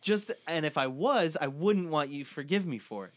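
A man on a comedy talk show who pushes back in an exasperated, defensive way, swearing often. His voice sits fairly high. The recording is dry and close. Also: lively intonation, normal speed, fairly bright tone, no echo. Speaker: podcast co-host. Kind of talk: comedy banter.

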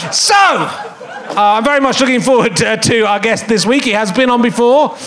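A man's voice: very high voice, fairly quick, fairly bright tone, slight background noise. A man in his fifties hosting a comic podcast live on a theatre stage, rambling and mocking himself with jokey asides. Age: 50s. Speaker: podcast host.

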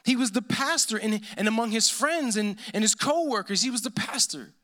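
A pastor delivering a sermon, emphatic and repeating phrases, often dropping to a hushed, intense tone. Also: male voice, high voice, animated, fairly quick.

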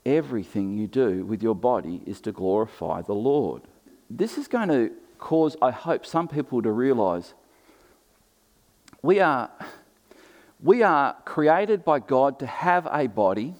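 A man's voice: mid-range voice, darkish tone. A man preaching a sermon as pastor, emphatic and varied, with humorous asides to the congregation. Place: church.

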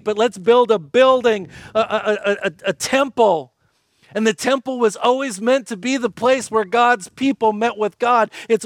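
High-voiced guy preaching, earnest, slows down and goes low for big points, dry close sound. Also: no room sound. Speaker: pastor. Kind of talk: sermon.

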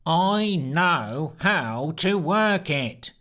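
A man voicing a dull, monotonous, rat-like man who mutters slowly and sneers while nobody listens. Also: sits low, voice pushed down, heavily acted. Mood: dull, sneering. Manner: slow, sneering, flat muttering.

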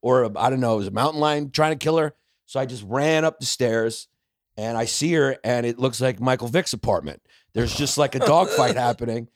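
A comedian from Brooklyn sits in as a podcast guest and trades quick, joking stories full of swearing. His voice is a man's, at an ordinary middle pitch. It comes across dry and close. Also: no room sound. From Brooklyn, New York. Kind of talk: casual podcast chat.

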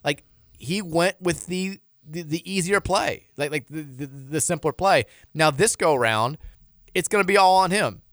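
A man's voice: fairly high pitch, normal speed, no echo, clean studio sound. A man hosting a sports radio show, talking casually in a rambling way with many restarts. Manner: animated, rambling, frequent restarts and repeated words. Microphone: studio microphone.

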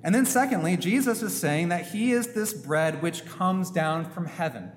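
A man preaching a sermon as a priest in a church, slow and emphatic, posing rhetorical questions. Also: high voice, animated, faint music behind. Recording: long church reverb, faint hum.

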